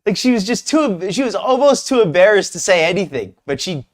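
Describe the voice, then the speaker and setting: A man's voice: high-pitched, very animated, brisk. A man hosting a live stream, commenting casually on a clip in a rambling, hesitant way with many restarts. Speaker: streamer host reacting to a clip.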